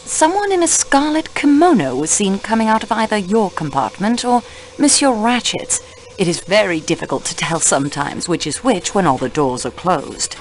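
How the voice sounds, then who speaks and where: A woman voicing a polite, formal male detective with a French accent in a radio play, asking calm, measured questions. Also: mid-range voice, slight background noise, close to an everyday voice.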